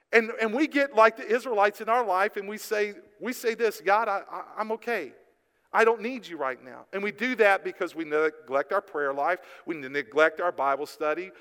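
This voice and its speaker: Impassioned preacher in a reverberant church. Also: male voice, sits high. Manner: impassioned preaching, swings between hushed and emphatic. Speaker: pastor. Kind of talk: sermon. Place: church sanctuary. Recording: long hall reverb from the church.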